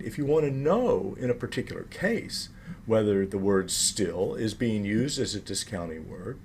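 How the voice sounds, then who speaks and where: Lively-voiced male lecturer. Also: mid-range voice, a little hiss or hum. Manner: explanatory, lively emphasis on key words. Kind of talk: recorded lecture.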